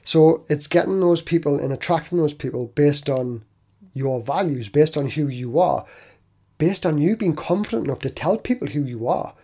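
A man with a slightly high, husky voice hosts a solo motivational podcast. His tone is warm and mellow, and he talks earnestly into the mic, often repeating himself or restarting a sentence before pushing on. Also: lively intonation, moderate pace. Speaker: podcast host.

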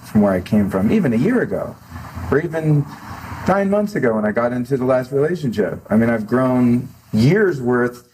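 A man's voice: medium pitch, big pitch swings, moderate pace, darkish tone, slight background noise, rough recording. A middle-aged man talking candidly and earnestly as a guest in a filmed interview, reflective and open, often restarting his sentences. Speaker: podcast host as interview guest. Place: studio set for a filmed talk show.

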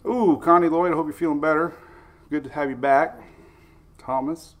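A man's voice: a little high, fairly even intonation, moderate pace. A middle-aged man hosting a live weather stream, chatty and upbeat, greeting viewers by name. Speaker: weather show host.

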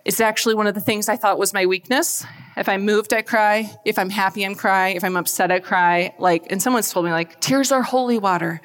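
A woman giving a faith talk to a live audience, chatty and animated, often asking the crowd questions. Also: medium pitch, brisk. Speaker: speaker at a church event. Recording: long hall reverb.

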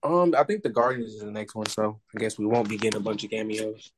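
A man's voice: lowish voice, steady tone, quick pace, a little hiss or hum. A man co-hosting a casual film podcast, laid-back and teasing his friends. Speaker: podcast co-host. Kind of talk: casual chat.

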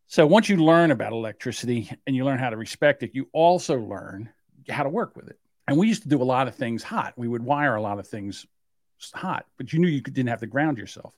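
Animated middle-aged male podcast storyteller. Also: medium pitch, brisk, no echo, clean studio sound. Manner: animated storyteller, acts out voices and yelps. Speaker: podcast co-host. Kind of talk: casual podcast chat.

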